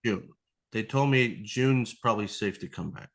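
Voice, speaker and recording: A man's voice: lowish voice, moderate pace. A man who is a podcast guest, telling a rambling story in casual chat, swearing freely and acting out the other people in it. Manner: rambling, swears a lot, acts out voices.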